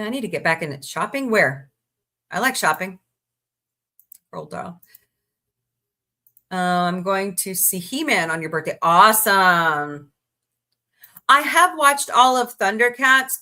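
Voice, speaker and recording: A woman with a bright, forceful, medium-pitched voice hosts a casual livestream, chatting with viewers and reading good-news stories aloud with her own comments. She sounds tired and yawns now and then.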